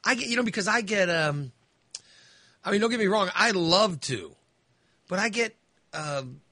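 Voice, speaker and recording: Guy hosting a casual chat, rambly, keeps restarting sentences, bright voice, dead dry sound. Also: high voice, lively intonation, moderate pace, dry recording. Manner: rambling, hesitant, many fillers and restarts.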